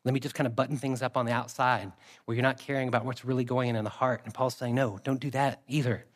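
A man preaching a sermon with a mid-range voice. He talks to the congregation in a relaxed, conversational way and reads scripture in a steady cadence. He leans on repeated phrases to drive his points home. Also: mid-range voice, quick pace. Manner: conversational preaching with emphatic repetition. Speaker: pastor.

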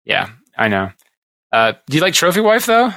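A man hosting a podcast, chatting casually and retelling TV scenes in a rambling, animated way. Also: a little high, moderate pace, vocal fry, no room sound. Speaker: podcast host. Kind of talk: casual chat.

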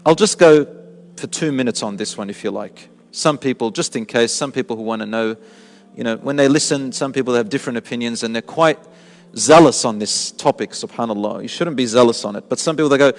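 A man's voice: mid-range voice, brisk, in a large hall. A man giving a religious talk, explaining step by step with rhetorical questions he answers himself. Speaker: Islamic preacher. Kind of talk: sermon.

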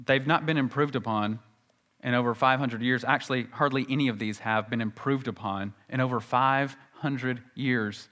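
A man preaching a sermon as pastor, teaching earnestly and slowing down to recite scripture. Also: medium pitch, pushed and bright.

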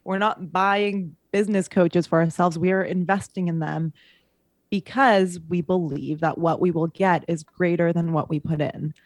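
A woman's voice: on the low side, steady tone, normal speed, dry recording, clean studio sound. A woman who works as a coach, talking in a casual podcast conversation, earnest and emphatic, making her points in repeated parallel phrases.

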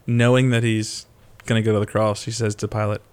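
A man casually retelling a Bible story as a podcast co-host, animated and full of fillers. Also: fairly low pitch, brisk, clear, resonant tone.

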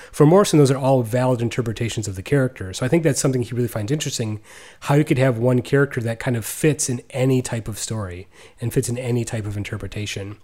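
A man's voice: medium pitch, warm tone. A man co-hosting a podcast, talking thoughtfully in a casual chat, often restarting his sentences. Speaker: podcast co-host.

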